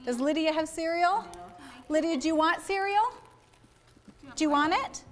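A woman's voice: extremely high pitch, normal speed. A woman teaching a baby sign language class indoors, cheerfully coaxing and praising toddlers and chatting with their parents. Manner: upbeat, coaxing and praising little children. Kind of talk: leading a toddler signing class.

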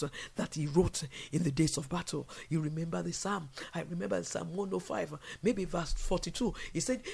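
A man preaches a fervent vigil sermon. His voice sits high and carries a heavy gravel with a husky edge. He pushes his listeners to pray and slips into song now and then. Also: darkish tone. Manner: fervent preaching with call-and-response, breaks into song. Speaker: preacher leading a prayer vigil.

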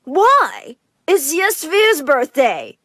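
A woman voicing a rich, doting old grandmother in an animated story, calling out slowly and loudly. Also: high-pitched, no room sound, studio quality, full character voice. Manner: slow, loud, fond calling out. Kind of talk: cartoon story voice acting.

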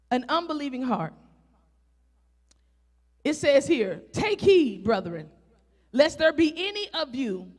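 Woman preacher, Southern country accent, high voice, fervent sermon, shouting rhetorical questions, reverberant church. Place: church sanctuary. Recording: echoey church hall.

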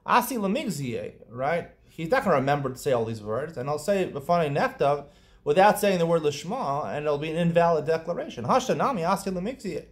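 A man teaching a Talmud lesson, explaining quickly and lifting into a chanting lilt on quoted Aramaic, with frequent restarts. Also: a little high, animated. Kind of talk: daf yomi study lesson.

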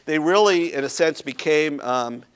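A man's voice: on the high side, unhurried, clean tone. An American man giving a history lecture at a symposium, talking casually with many ums and restarts. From United States. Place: lecture hall.

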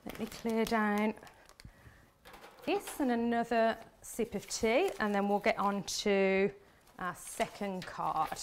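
A woman's voice: mid-range voice, fairly even intonation, slow pace, slight background noise. A woman demonstrating card making on a live stream, chatting as she works with her hands. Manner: chatty, talks while working with hands. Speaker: craft demonstrator.

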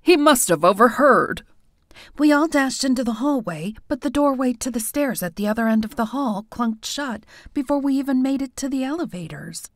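Expressive woman narrating an audiobook. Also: high-pitched, brisk, hardly any pauses, no room sound, clean studio sound. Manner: expressive, animated reading. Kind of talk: first-person audiobook narration.

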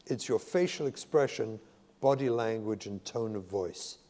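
A man's voice: lowish voice, a little slow, mellow. Earnest man lecturing in a reverberant hall. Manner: earnest, emphatic, repeats key phrases. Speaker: psychotherapist and speaker. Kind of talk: lecture to a religious audience.

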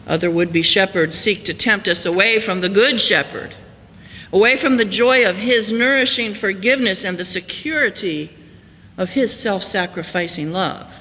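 High bright-voiced preacher telling a sermon story, gets loud then goes quiet and slow, big echoey church, little bit of hiss. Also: male voice. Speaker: pastor. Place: church sanctuary. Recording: church hall reverb, faint hiss.

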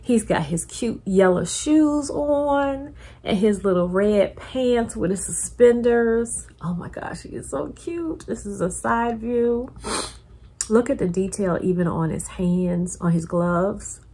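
A middle-aged woman chatting casually through an unboxing, gushing and repeating her delight in an excitable way. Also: mid-range voice, slow pace, breathy edge. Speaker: collector YouTuber.

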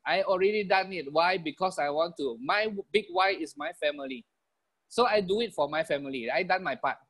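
A high, slightly rough male voice with a Malaysian English accent gives a lively motivational business talk on a video call. He laughs softly now and then and keeps circling back to key phrases.

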